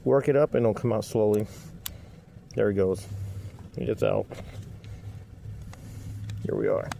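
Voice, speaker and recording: A man, a locksmith, talking casually through a repair step by step in a relaxed, folksy way. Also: lowish voice, unhurried, vocal fry, slight background noise.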